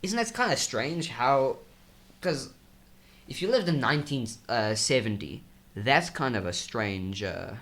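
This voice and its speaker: A young man co-hosting a podcast, chatting casually in a rambling, halting way full of restarts. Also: mid-range voice, lively intonation, fairly bright tone. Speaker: podcast co-host. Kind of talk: casual chat.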